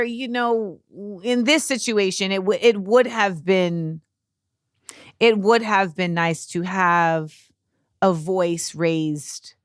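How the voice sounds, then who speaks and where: Woman, podcast host, personal storytelling, halting restarts, very slow delivery, dry close sound. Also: fairly low pitch, no echo.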